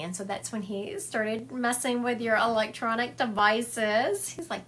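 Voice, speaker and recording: A woman doing a psychic reading over a phone livestream chats with her audience, relaying spirit messages and performing them. Her voice is fairly high, a bit bright, and lively in intonation at a normal speed, with a little background noise.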